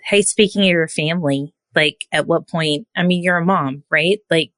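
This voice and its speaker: A woman hosts an interview, talking in a relaxed and chatty way full of fillers as she leads into her questions. Her voice sits fairly low, and the sound is dry and close to the mic. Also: moderate pace, dry recording. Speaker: podcast host, surgical technologist. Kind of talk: conversational interview.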